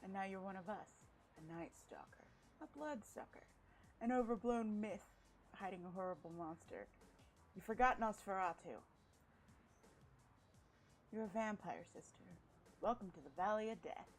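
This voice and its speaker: A woman voicing a smug, theatrical male vampire who speaks slowly and emphatically like a preacher. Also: mid-range voice, soft background music, lightly acted, low-quality recording. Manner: slow emphatic preacher-like delivery.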